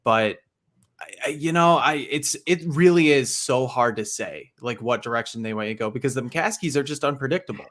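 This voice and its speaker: Guy guesting on a sports show, chatty and eager, keeps restarting, average pitch. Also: brisk, fairly bright tone. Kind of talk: casual sports talk.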